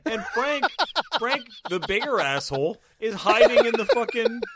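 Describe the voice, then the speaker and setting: A man's voice: extremely high pitch, big pitch swings, moderate pace, background noise. A man in casual, profane chat, recapping a movie and acting out its characters with laughter.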